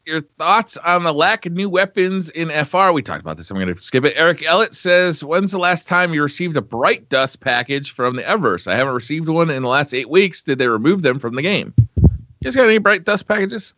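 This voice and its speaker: A man's voice: fairly high pitch, sing-song, fairly quick, bright, forceful tone, no echo, dull audio. A man hosting a casual gaming podcast, reading listener questions aloud in a candid way and swearing freely.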